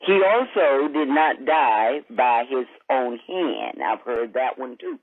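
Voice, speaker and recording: A man speaking slowly and firmly, setting a record straight in an interview. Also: medium pitch, very animated. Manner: slow, firm, deliberate. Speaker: interviewee recounting a death. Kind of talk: plain spoken account. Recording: tinny phone line with faint noise.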